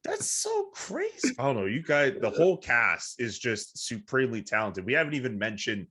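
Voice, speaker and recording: Dude hosting a podcast, rambly casual questions, mid pitch. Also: male voice, huge pitch swings, moderate pace, sharp tone, slightly rough. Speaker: podcast host. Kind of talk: casual interview chat.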